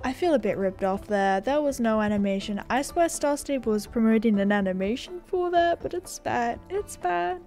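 A woman's voice: fairly high pitch, lively intonation, normal speed, few pauses, darkish tone, soft background music. A young woman with an Australian accent, chatting casually and self-deprecatingly over a game video from her room at home, with lots of fillers. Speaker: gaming YouTuber. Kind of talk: casual gaming vlog chat.

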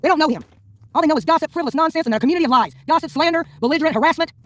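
A woman's voice: high-pitched, rapid-fire, fairly bright tone. A woman from Mississippi, ranting and preaching combatively on a phone livestream. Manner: preachy, combative, scripture-quoting. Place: hospital entrance, then a vehicle.

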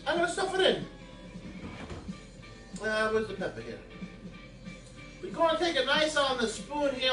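A man with a very high, bright voice hosts a casual home cooking video, rambling through crude jokes and asides to the viewers. He is caught from across an echoey kitchen, with faint music playing behind him. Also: recorded from a distance.

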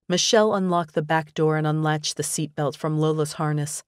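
A woman narrating a romantic comedy audiobook in an even, measured storytelling manner. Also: sits low, clean tone, no room sound, clean studio sound. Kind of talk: scripted narration.

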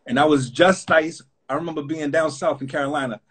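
A man's voice: a little high, steady tone, fairly quick, a bit bright, breathy edge. A man, a rapper and interview guest, telling a story in a loose, rambling, casual way, full of fillers. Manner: loose and rambling, full of fillers like "you know what I'm saying".

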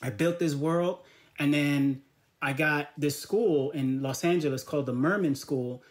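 A man's voice: fairly high pitch, unhurried. A man, a guest in an interview, talking casually about his work as an artist and educator, and telling his story with quoted dialogue. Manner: lively storyteller who acts out quoted dialogue.

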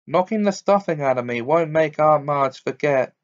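A defiant teenage boy, cold and grim, talking back through gritted teeth, as a male reader voices him. He pushes a touch higher than the narration, and the recording sounds slightly dull. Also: animated, normal speed, close to an everyday voice. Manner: bitter, cold, grimly defiant. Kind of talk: audiobook character reading.

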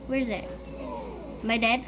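A woman playing a school role-play game, talking excitedly through it and bursting into shrieks and giggles. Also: on the high side, normal speed, a little hiss or hum. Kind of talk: playful gameplay commentary.

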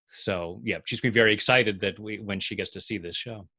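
A man's voice: lowish voice, fairly quick, bright, forceful tone. A man hosting a casual interview, friendly and hesitant, with frequent fillers and restarts. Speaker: host.

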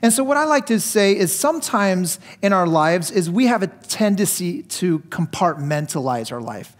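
A man with a fairly high voice preaches a sermon as a church's lead pastor. He talks in a conversational way, restarting his sentences often and acting out what other people said with sudden rises in pitch and loudness. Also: normal speed. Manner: animated, acts out quotes with jumps in pitch and volume; conversational, with restarts and light laughter. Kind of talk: sermon with storytelling.

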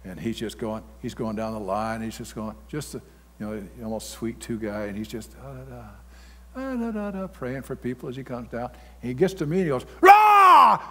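This pastor's voice is fairly low and a little fast, with slight noise in the background. He preaches bluntly and folksily, now and then erupting loudly, and the big church hall around him gives off a long reverb.

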